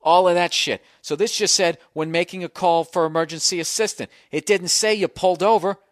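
A man in his forties with a Boston accent, hosting a podcast and telling a comic story in a profane, animated way full of self-mocking inner voices. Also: high voice, a little fast, dry recording, clean studio sound. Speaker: podcast host. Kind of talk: comic monologue.

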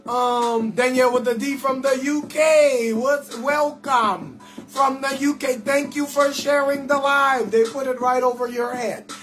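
A man riffs loudly and playfully, greeting viewers in a rambling, sing-song patter. He hosts a casual live stream from his bed at home, with faint music playing behind him. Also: extremely high pitch, fairly even intonation, measured pace. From New Orleans. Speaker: comedian hosting a live call-in show.

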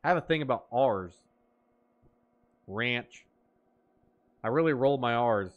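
A man's voice: medium pitch, expressive, slow, phone-quality sound. Joking male gaming streamer. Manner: joking, riffing, playful banter.

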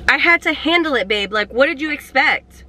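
A young woman talks into her phone from a parked car, playing up a dramatic confession with a teasing edge. Her voice sits high and swings widely in pitch. There is a faint hum of car ambience behind her. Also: animated, fairly quick, pushed and bright. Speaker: vlogger pranking her partner. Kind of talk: prank phone call vlog.

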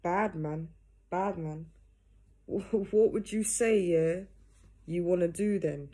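Speaking slowly in a fairly low, mellow and husky voice, a young woman chats casually to camera from home while in pajamas. The vlogger is earnest and direct, closing nearly each phrase with "yeah?", captured on a phone or camera.

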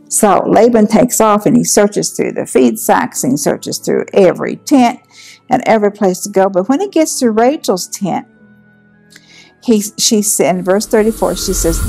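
A woman's voice: mid-range voice, a little slow, creaky, husky, faint music behind. Woman retelling a Bible story with verve. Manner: lively storytelling, acting out quotes. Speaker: Bible teacher.

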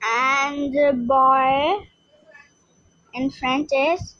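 A high-voiced woman with an Indian English accent teaches at a very slow, halting pace, repeating each word. The recording is dry and a bit dull, like a cheap lo-fi mic. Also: fairly bright tone, dry recording. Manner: slow, halting, repeats words, frequent pauses. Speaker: language teacher. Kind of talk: slow informal lesson.

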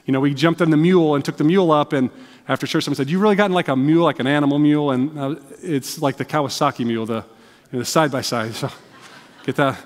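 A man's voice: a little high, fast talker. A man preaching a sermon in a church, telling personal stories in a conversational way. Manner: conversational storytelling with restarts. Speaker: missionary preacher. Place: church sanctuary. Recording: church hall with long reverb.

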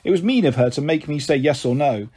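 A man reading a children's novel aloud as a storyteller, gentle and shifting his voice for each character. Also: animated, fast, breathy edge. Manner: gentle, voices the characters with raised and lowered pitch. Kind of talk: audiobook narration of a children's novel.

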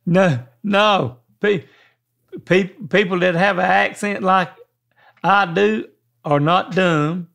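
A man's voice: high voice, steady tone, slow pace, gravelly, fairly bright tone. An older man with a thick Southern accent, hosting a podcast in folksy casual chat and repeating words as he thinks. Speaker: podcast host.

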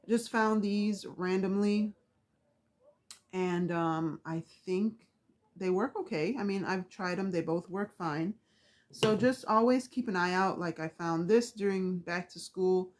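A woman's voice: lowish voice, measured pace. A woman vlogger chatting casually about craft supplies, rambling with lots of fillers, with the hiccups.

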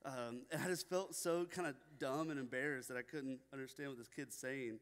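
A man's voice: mid-range voice, a little fast. A young man preaching a sermon at a church, telling stories casually with many fillers. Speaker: pastor. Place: church sanctuary. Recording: long reverb in a hall.

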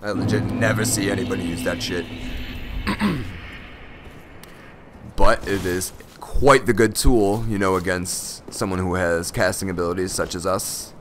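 A young man giving excitable, profane live commentary over his own gameplay, often bursting into shouts. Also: deep voice, unhurried, pauses often, a little hiss or hum. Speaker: gaming channel host.

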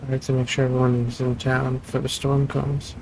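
On a gaming channel, a man reads a text adventure aloud, stopping now and then for casual remarks about the game. His medium-pitched voice is monotone, brisk, and darkish with vocal fry. The rough recording carries a little hiss or hum.

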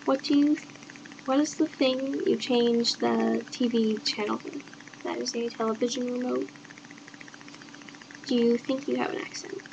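A woman's voice: fairly high pitch, fairly even intonation, a little slow, gravelly, long pauses, background noise. A young woman from Southern Maine in a casual vlog, reading out questions and answering them offhand with plenty of hesitant fillers. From Southern Maine, United States. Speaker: vlogger. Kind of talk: casual accent-challenge video.

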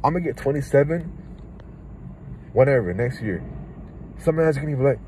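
A man's voice: medium pitch, expressive, moderate pace, pauses often, warm tone, slight background noise, poor audio. A man in his twenties with a Toronto accent, a rapper delivering a heated, profane vlog rant that jumps from thought to thought. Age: 20s.

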